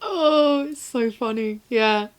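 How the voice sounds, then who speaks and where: A woman co-hosting a casual film review chat, dry and skeptical with quick retorts, on camera in a room with shelves. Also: a little high, noisy background.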